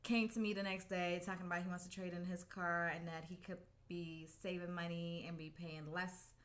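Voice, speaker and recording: Woman co-host, bright forceful tone, slightly low pitch; chatty storyteller who laughs often. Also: flat delivery, moderate pace. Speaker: podcast co-host. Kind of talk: casual couple's podcast chat.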